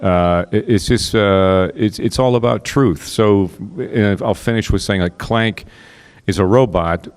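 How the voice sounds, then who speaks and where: A man on a convention panel, a voice actor speaking reflectively and slipping into quick character voices. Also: fairly low pitch, clean tone. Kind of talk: relaxed panel talk.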